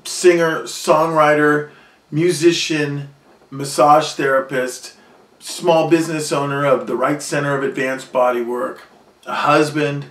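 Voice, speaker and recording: A man delivering a proud, boastful self-promotional vlog monologue about his invention. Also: a little high. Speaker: inventor and vlogger. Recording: echoey room, distant from mic.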